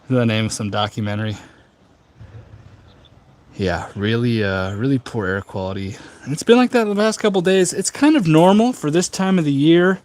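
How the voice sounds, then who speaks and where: A man's voice: mid-range voice, moderate pace, darkish tone. A man hosting a casual tea livestream from a rooftop, talking in a rambling, chatty way full of fillers. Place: outdoor rooftop.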